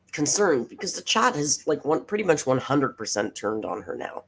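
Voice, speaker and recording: A woman's voice: very deep voice, very animated, normal speed, vocal fry, few pauses, husky. A woman hosting a casual livestream reaction, sarcastic and swearing freely as she reads comments aloud. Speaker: reaction streamer host.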